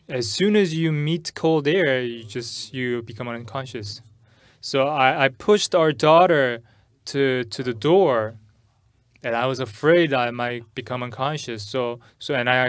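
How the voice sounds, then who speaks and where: Halting pastor telling a story. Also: male voice, mid-range voice, no echo. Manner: halting, repeats and restarts words while telling a personal story. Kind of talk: sermon storytelling. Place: church service.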